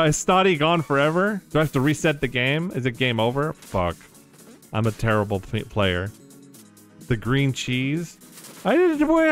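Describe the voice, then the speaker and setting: A man giving casual live commentary while streaming a game, excitable and quick to laugh, swearing often and reacting loudly to surprises. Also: a little high. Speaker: streamer playing a modded platform game.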